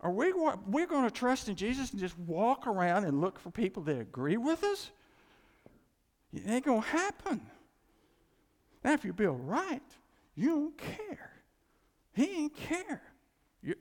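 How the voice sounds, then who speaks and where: A man preaching a sermon as pastor, animated, swinging from loud cries to quiet asides. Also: high-pitched. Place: church. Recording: long hall reverb.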